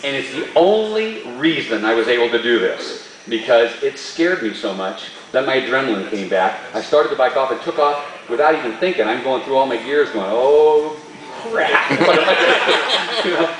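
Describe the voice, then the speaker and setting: A man's voice: mid-range voice, moderate pace, a crowd in the background. Man telling a story in a roomy hall. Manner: animated, laughs often while telling. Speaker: stunt performer guest. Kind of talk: storytelling at a live Q&A. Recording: roomy hall, distant mic.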